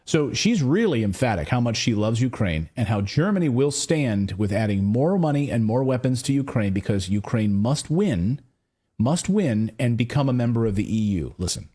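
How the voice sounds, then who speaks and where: An American man hosting a political commentary show in a sarcastic, animated, mocking manner. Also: mid-range voice, normal speed, husky. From United States. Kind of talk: opinion commentary.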